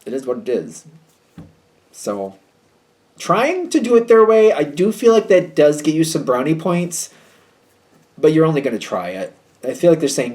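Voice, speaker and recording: A man's voice: on the high side, big pitch swings, moderate pace, long pauses, a little mellow. A man giving a casual tarot reading to his viewers, chatty and hedging, with a wry, slightly snippy tone. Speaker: tarot reader.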